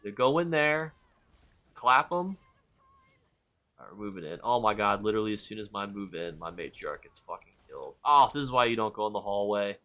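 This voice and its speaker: A man streaming a game live, chatting with viewers and reacting loudly and with swearing to the action. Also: on the low side, animated, a little fast. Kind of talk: live gameplay commentary.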